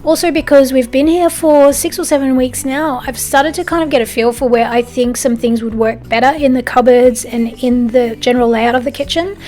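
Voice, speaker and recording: An Australian woman talks through her day in a relaxed, chatty voice-over. Her voice sits a little on the high side. She sounds lightly amused and conversational, like she is chatting with a friend. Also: brisk, hardly any pauses. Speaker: home and lifestyle vlogger. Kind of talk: casual voice-over narration.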